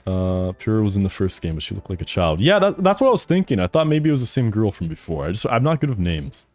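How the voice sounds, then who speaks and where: A man's voice: on the low side, very animated, fast talker, a little mellow, no room sound, faint music behind. A man streaming a game, chatting casually with his chat, laughing often and swearing freely. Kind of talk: casual live-stream chat while gaming.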